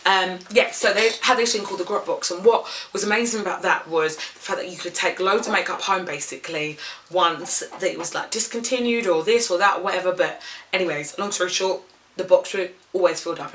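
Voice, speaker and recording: A woman's voice: lowish voice, a bit bright, a little hiss or hum. A young woman and makeup artist, rambling candidly in an unscripted vlog and swearing freely.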